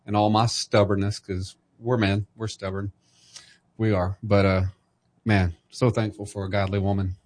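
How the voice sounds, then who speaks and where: Low, flat-voiced middle-aged man. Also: moderate pace. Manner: earnest, faith-centered reflection. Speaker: podcast host. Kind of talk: casual podcast conversation.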